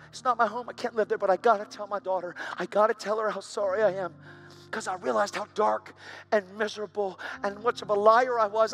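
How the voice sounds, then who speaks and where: A man giving an emotional testimony sermon, swinging from hushed whispers to loud outbursts. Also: high-pitched. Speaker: preacher.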